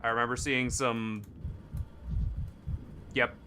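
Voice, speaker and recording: A young man streaming a game, reading the characters' lines aloud and breaking off into loud, excited chatter with his viewers. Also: mid-range voice, takes it slowly, over music.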